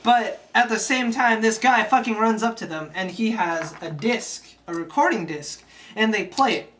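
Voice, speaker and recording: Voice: mid-range voice, animated, normal speed, a bit bright, recorded from a distance, slight background noise, rough recording. A speaker giving a casual, irreverent comedic recap of a film, swearing freely and dropping jokey asides. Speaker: comic storyteller retelling a film.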